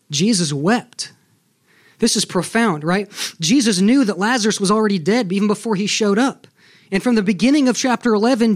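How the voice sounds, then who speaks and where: A man with a high speaking voice delivers a sermon as a pastor. He preaches earnestly and with emphasis, often checking in with his listeners through rhetorical questions.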